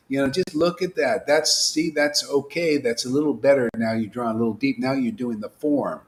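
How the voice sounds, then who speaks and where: A man giving an informal, animated devotional talk as a spiritual teacher, dropping to whispers and rising to exclamations. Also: mid-range voice, fairly quick. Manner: animated preaching, swings from whispers to loud exclamations.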